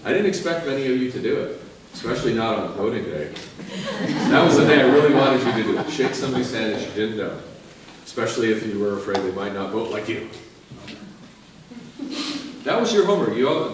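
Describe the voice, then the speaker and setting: Priest preaching in an echoey church. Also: male voice, medium pitch, quick pace, long pauses, far from the mic, noisy background. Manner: lively, joking, urging. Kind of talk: sermon. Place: large church.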